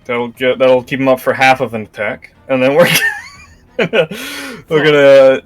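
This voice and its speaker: A man's voice: medium pitch, measured pace, faint music behind. A man playing in a tabletop game, talking in a rambling, hesitant way with lots of restarts. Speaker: player. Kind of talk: casual tabletop game chat.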